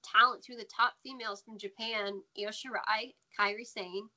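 An American woman, a former wrestler, chatting as a guest in an interview, animated and laughing often. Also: medium pitch, moderate pace. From United States. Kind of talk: casual interview chat.

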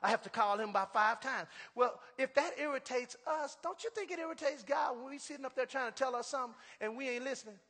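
A man preaching a sermon as pastor, his voice pitched very high and bright. He drives his points home with repeated refrains, rising into emphatic shouts. The sound rings with the long reverb of a large hall. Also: fast, few pauses.

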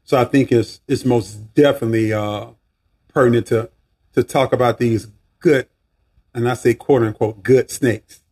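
Husky Southern man preaching on a podcast. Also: moderate pace. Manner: preachy, animated, swinging pitch, asides and restarts. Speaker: podcast host. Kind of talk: casual faith podcast talk.

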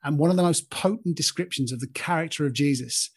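A man's voice: a little high, fast, breathy edge. A man in his fifties hosting a podcast, giving an earnest, informal Christian talk and speaking straight to listeners by name. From Britain. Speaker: podcast host.

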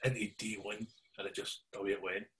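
A middle-aged man with a Glaswegian Scottish accent telling stories in casual chat, animated and always checking in with his listeners. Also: fairly low pitch, fairly quick. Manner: animated yarn-spinning, keeps checking in with listeners.

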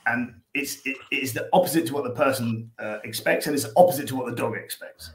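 A dog behaviour coach with an Irish accent guests on a casual podcast, speaking fast in a mid-range voice within an echoey room. He rambles, stumbles over repeated words, and acts out little scenes.

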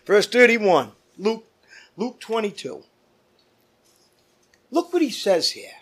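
A man's voice: high-pitched, wildly swooping pitch, slow pace, husky. A man preaching a fervent sermon as pastor, calling out to his congregation. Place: church.

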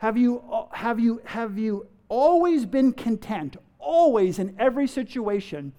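A man delivers a sermon in a very high voice with a dark tone and lively intonation, at a measured pace. He fires rhetorical questions at the audience, playfully mimics everyday remarks, and chuckles.

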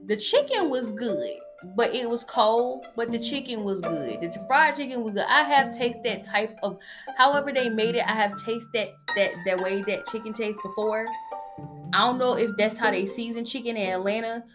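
Soft-spoken, blunt young woman podcaster. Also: normal speed, over music. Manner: soft-spoken, low-key delivery; blunt and opinionated, with slangy asides. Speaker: podcast host. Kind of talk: casual solo podcast monologue.

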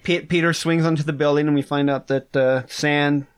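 A man's voice: fairly high pitch, steady tone, moderate pace, clear, resonant tone. A man with a fairly light voice recapping a film on a podcast. He lays out the plot beat by beat in an easy, casual way. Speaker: podcast co-host. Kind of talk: casual movie-recap chat.

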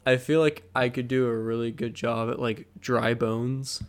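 A man's voice: medium pitch, level tone, unhurried, slight background noise. A man co-hosting a podcast in casual, rambling, joking chat full of fillers. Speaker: podcast co-host.

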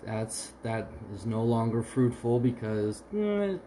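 A man's voice: medium pitch, very animated, takes it slowly, warm tone, a little hiss or hum, poor audio. A man co-hosting a podcast who chats casually and spins joking made-up stories. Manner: joking, improvises mock stories. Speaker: podcast co-host. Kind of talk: casual chat.

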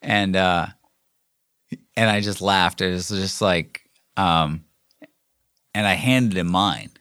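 A man's voice: sits low, takes it slowly, fairly bright tone, dry recording, clean studio sound. A middle-aged man hosting his own podcast, telling a casual story in a rambling way with many fillers and restarts. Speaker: podcast host. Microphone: recording himself solo.

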